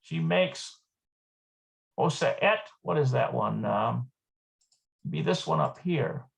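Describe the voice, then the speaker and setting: A gravelly, animated voice at medium pitch belongs to a Hebrew teacher leading a lesson online in real time. The teacher reasons aloud, hesitant, going back over words slowly.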